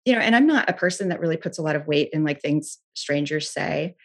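Guest, woman, lowish voice, earnest, candid, lots of "like". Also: expressive, fairly quick. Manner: earnest, frequent filler "like", restarts. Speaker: interview guest. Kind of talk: candid personal storytelling.

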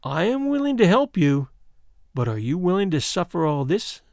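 A man reading a storybook aloud and voicing a scheming old female sea witch in a slow, menacing delivery. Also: high voice, sing-song, gravelly, a little mellow, no room sound, studio quality, heavily acted.

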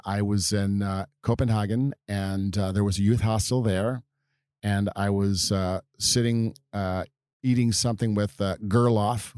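A middle-aged American father from California rambles casually through stories of his youth for his grown child, reminiscing with many fillers. His lowish voice is a little mellow, clear and resonant, recorded in a clean studio with no echo.

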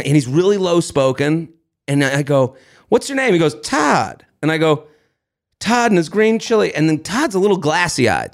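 A young man co-hosting a podcast, telling a story in lively casual chat and acting out the voices of people in it. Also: on the high side, vocal fry. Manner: animated, acts out voices, swears and laughs. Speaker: podcast co-host.

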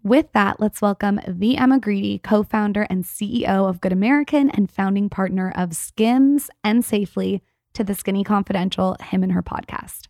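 A woman's voice: medium pitch, normal speed, darkish tone, dry recording. A woman hosting a podcast, bubbly and enthusiastic as she introduces and questions a guest. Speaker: podcast host. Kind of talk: casual podcast interview.

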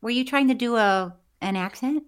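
A woman's voice: fairly high pitch, moderate pace, clean tone. A woman co-hosting a podcast in casual chat, chatty and laughing often. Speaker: podcast co-host.

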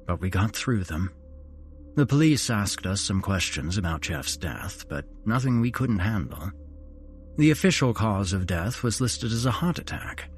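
A man hosting a horror podcast, narrating a first-person story in an unhurried, dramatic storytelling way. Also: fairly low pitch, a little mellow, slightly rough. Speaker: host and narrator.

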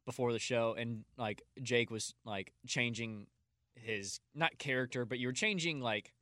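A man on a comedy podcast, speaking casually and steering the conversation, with frequent hesitant fillers. His voice sits at a middle pitch with a bright, forceful edge and a dry, close sound. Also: a little slow, no room sound. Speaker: podcast co-host.

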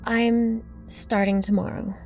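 Young wife, teasing and upbeat, slight fry, voiced by a woman; faint music bed. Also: fairly high pitch, flat delivery, takes it slowly, a little mellow. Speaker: narrated story character. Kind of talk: audio drama dialogue.

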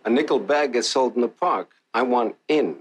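A man's voice: medium pitch, normal speed, close to an everyday voice. An actor playing a menacing male gangster who demands a cut of every deal, speaking in a commanding, threatening way in a crime film. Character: menacing male gangster claiming his turf. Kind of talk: film crime drama acting.

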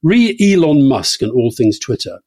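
A man's voice: mid-range voice, sing-song, moderate pace, dark tone, breathy edge, dry recording. Give me a blunt, teasing middle-aged man on a podcast, recorded dry and close. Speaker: podcast co-host. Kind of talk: casual podcast chat.

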